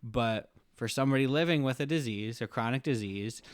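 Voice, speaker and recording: A man's voice: medium pitch, a little fast, dry recording, clean studio sound. A man, a podcast guest, chatting casually and telling a rambling story with self-deprecating jokes. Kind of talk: casual conversation.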